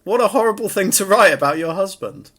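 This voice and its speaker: A man's voice: sits high, animated, fairly quick, fairly bright tone. A man co-hosting a podcast in casual comedic chat, joking and laughing often. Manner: joking, laughs often, trails off mid-sentence. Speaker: podcast co-host.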